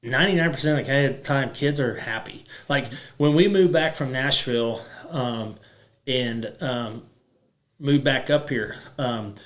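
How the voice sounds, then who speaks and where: A man's voice: mid-range voice, measured pace, fairly bright tone. A man in his thirties hosting a podcast, talking casually and rambling with lots of "like" fillers. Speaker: podcast host. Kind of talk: casual chat.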